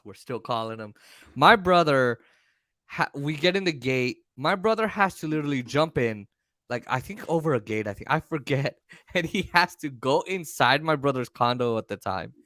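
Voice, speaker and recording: A man co-hosting a podcast, telling stories in a casual, profane, animated way. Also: mid-range voice, normal speed, no echo, studio quality. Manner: animated, profane, acts out voices. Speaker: podcast co-host. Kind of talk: casual storytelling chat.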